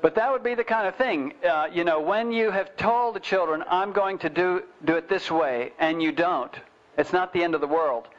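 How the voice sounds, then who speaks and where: A man's voice: high voice, moderate pace. A man teaching parents in an informal talk, telling family stories with restarts and fillers. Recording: dull lo-fi recording.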